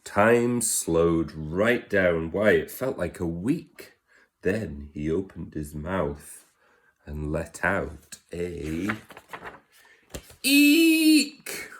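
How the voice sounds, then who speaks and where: Deep voiced guy reading a kids story, slow and gentle, asks questions. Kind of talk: reading a rhyming picture book aloud.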